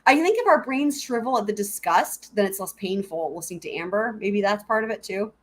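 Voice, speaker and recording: A woman's voice: medium pitch, animated, a little fast. A woman hosting a live stream, chatting casually and giggling as she answers her viewers.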